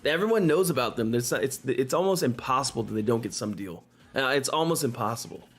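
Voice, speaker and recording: A man hosting a live stock market stream, talking excitedly and in exasperation, repeating himself and swearing into a desk microphone. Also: mid-range voice, fast talker, breathy edge. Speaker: stock market livestream host.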